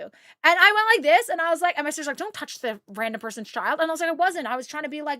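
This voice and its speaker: A woman's voice: high-pitched, expressive, fast, sharp tone, dry recording, clean studio sound. A woman from Canada streaming a game, chatting with viewers in a rambling, storytelling way. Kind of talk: casual chat with viewers while gaming.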